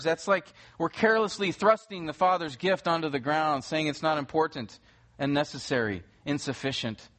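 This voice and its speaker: A man's voice: fairly high pitch, fairly bright tone. A man preaching a sermon as pastor, explaining scripture step by step and rising to urgent emphasis at key points. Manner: earnest, rises to urgent emphasis.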